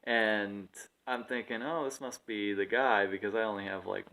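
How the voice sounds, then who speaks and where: Animated man telling a story, cursing freely. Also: fairly low pitch. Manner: animated, swearing, quick to act out the people in his story. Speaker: podcast co-host. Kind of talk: casual storytelling chat.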